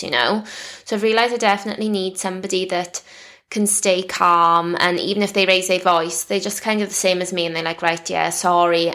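British woman in her 30s chatting on her podcast, bit of vocal fry, says like a lot. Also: medium pitch, fairly bright tone. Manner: chatty, frequent "like" fillers, confiding. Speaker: podcast host. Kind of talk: casual solo podcast chat.

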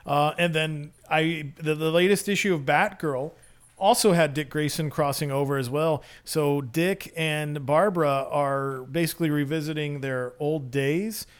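A man's voice: fairly high pitch, steady tone, a little slow, clean tone. A man co-hosting a podcast in casual chat, talking in an enthusiastic, rambling way with many fillers. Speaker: podcast co-host.

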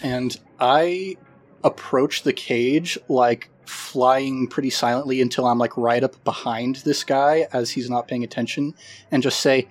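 Husky-voiced man playing a tabletop game. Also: mid-range voice, fairly even intonation, measured pace. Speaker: player.

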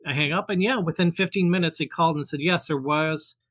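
A man's voice: on the high side, a little fast, a bit bright, no echo. A man telling a personal story in casual chat, rambling with many fillers and restarts and acting out the voices he quotes. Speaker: guest storyteller. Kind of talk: casual anecdote.

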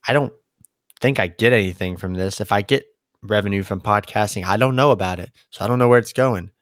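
In a studio-quality recording with no room sound, a young man hosts his own solo podcast in a lowish voice at a brisk pace. He talks casually and rambles, often correcting himself mid-sentence.

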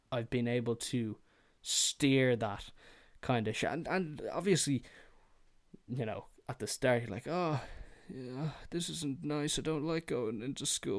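On his solo podcast, a man with a middle-pitched voice rants, getting heated and swearing freely. To make his points, he keeps slipping into whiny, mocking impressions.

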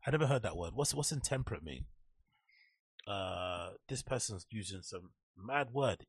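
A man's voice: on the low side, expressive, normal speed, slightly rough, no echo, studio quality. A young man hosting a casual solo podcast, reading an article aloud and breaking off to riff with sardonic, sweary commentary. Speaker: podcast host.

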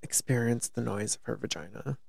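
Man, podcast co-host, stoned, giggly, rambling, creaky fry, dry close sound. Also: medium pitch, brisk, a little mellow, no room sound. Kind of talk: casual chat.

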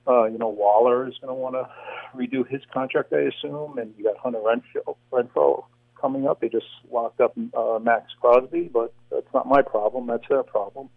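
A man's voice: mid-range voice, fairly even intonation, normal speed, creaky, dry recording. Rambling man calling in by phone. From New York. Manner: rambling, lots of fillers. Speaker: radio caller. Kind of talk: phone-in chat. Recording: tinny phone line.

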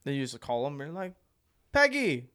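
A young man co-hosting a podcast, chatting casually in an excitable, pushy, slangy way. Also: mid-range voice, rapid-fire, clean tone. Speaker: podcast co-host. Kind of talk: casual chat.

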